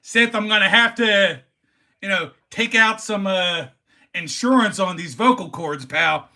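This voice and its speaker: Gravelly forty-something Philly sports fan. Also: male voice, high voice, unhurried. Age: 40s. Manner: rowdy trash-talking sports fan, bursts into shouting. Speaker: livestream host. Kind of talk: casual livestream chat.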